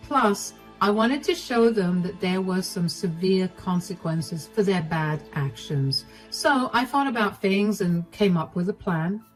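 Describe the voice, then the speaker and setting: A woman narrating a first-person story in an even, matter-of-fact way. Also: fairly low pitch, low-quality recording.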